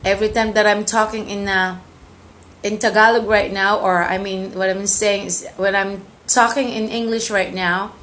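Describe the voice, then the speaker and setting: A woman's voice: medium pitch, level tone, moderate pace, fairly bright tone, slight background noise. Rambling Filipino-accented woman host. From Philippines. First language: Ilocano. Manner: rambling, with many fillers and repeated phrases. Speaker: channel host. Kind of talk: casual monologue mixing English and Tagalog.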